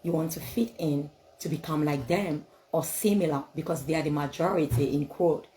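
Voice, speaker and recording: Woman, non-native English, low voice, motivational speaker, repetitive, rhetorical, faint background noise. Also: normal speed, mellow, poor audio. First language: not English. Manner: emphatic, repetitive, rhetorical questions. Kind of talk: motivational talk with scripture.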